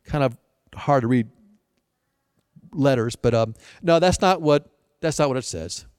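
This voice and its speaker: A man's voice: mid-range voice, animated, measured pace, a little mellow, clear, resonant tone, dry recording, studio quality, big-room sound. A male pastor giving a sermon, telling stories with repeated restarts and playful asides.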